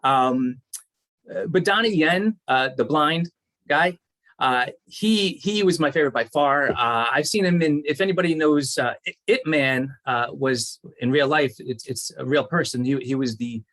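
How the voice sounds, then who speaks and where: A man chatting casually about a movie, speaking haltingly with many restarts and fillers. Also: a little high, a bit bright. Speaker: movie club panelist. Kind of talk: casual chat.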